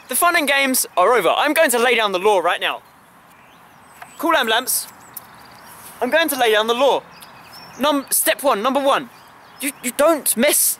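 A young man with a very high, bright voice rants in a stammering, repetitive comic style, breaking into shouts. He is filmed outdoors on a friend's handheld camera, with faint outdoor noise behind him. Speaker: channel host. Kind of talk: comic ranting vlog. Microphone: camera held by a friend.

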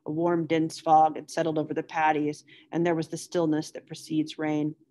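A woman teacher reads a novel aloud for her students in a measured, steady pace of narration. Her voice sits low for a woman.

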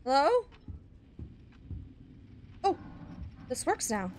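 A woman's voice: high-pitched, expressive, slow, slight background noise. A young woman playing a horror fan game and commenting as she goes, talking to herself and her viewers, often gasping and easily startled. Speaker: gaming YouTuber.

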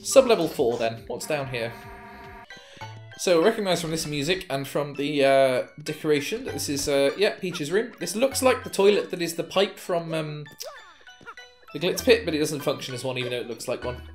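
Man doing relaxed game commentary. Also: a little high, moderate pace, soft background music. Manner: relaxed, hesitant with fillers. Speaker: let's play host. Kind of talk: casual gameplay commentary.

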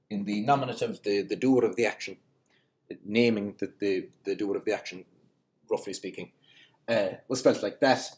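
A language teacher with a medium-pitched, somewhat dark voice explains the history of Irish words in an unscripted lesson. He hesitates a lot, filling with ums and restarting as he works through each point.

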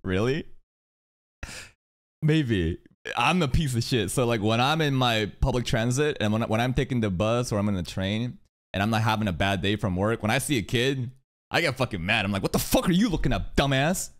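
A man's voice: mid-range voice, moderate pace. A man reacting to an anime episode in casual commentary, swearing freely and drifting into long rambling stories. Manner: profane, rambling tangents, animated storytelling.

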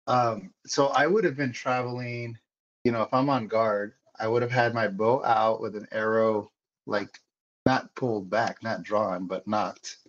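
Male player, lowish voice, lo-fi mic, loose thinking-aloud delivery. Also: fairly even intonation, measured pace. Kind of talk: casual tabletop play.

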